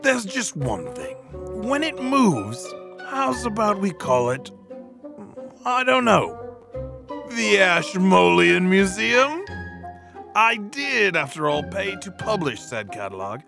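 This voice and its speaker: A man playing a sly old-time gentleman collector. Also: sits high, huge pitch swings, vocal fry, music in the background, full character voice. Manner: theatrical, coaxing, drawn-out delivery. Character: scheming 17th-century English gentleman collector, sly.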